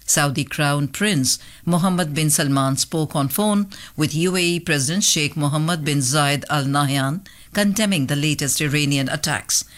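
A woman reading international news bulletins in a measured, formal way as a radio newsreader. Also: low voice.

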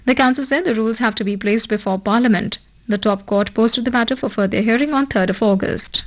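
A woman reading a formal radio news bulletin in a measured, even broadcast delivery. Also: a little high, low-quality recording. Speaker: newsreader. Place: radio studio.

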